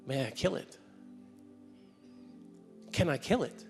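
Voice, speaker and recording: A man playing a quiet, calm burning angel. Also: medium pitch, normal speed, gravelly, faint music behind, voice pushed down, close to an everyday voice. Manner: quiet, soft, insistent.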